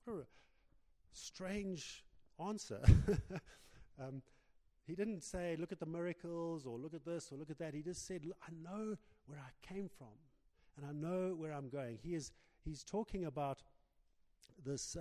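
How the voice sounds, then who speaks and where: A man preaching a sermon, talking in a halting way with many restarts and fillers. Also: a little high, dark tone. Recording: long reverb of a large hall.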